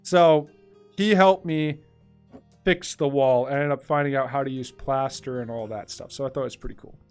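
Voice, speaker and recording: A young man, a gaming YouTuber, tells a casual story over gameplay in an animated way, laughing and swinging between fast and drawn-out delivery. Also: mid-range voice, smooth, soft background music.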